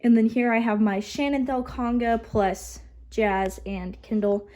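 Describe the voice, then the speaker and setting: A woman's voice: a little high, fairly even intonation, unhurried. Chatty young woman touring her collection. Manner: chatty and upbeat, trails off softly on asides; occasional stutters and restarts. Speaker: model horse collector. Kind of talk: casual collection tour vlog.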